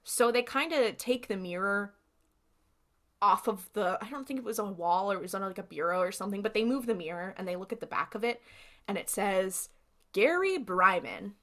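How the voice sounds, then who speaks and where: A young woman co-hosting a podcast, recapping an episode in casual chat and acting out characters in quick asides. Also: medium pitch, expressive, bright, forceful tone. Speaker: podcast co-host.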